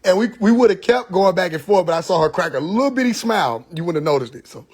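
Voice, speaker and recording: Here the host's voice is high, husky and darkish in tone, expressive and quick. He runs a casual livestream monologue full of animated stories and mocking impressions, recorded through a phone or computer mic.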